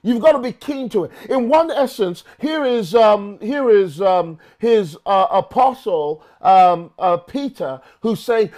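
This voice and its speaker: A pastor with a London accent delivers a dramatic sermon, his voice darkish in tone with lively intonation at a moderate pace. He acts out quoted voices, swinging in pitch and volume, and often repeats words as he goes.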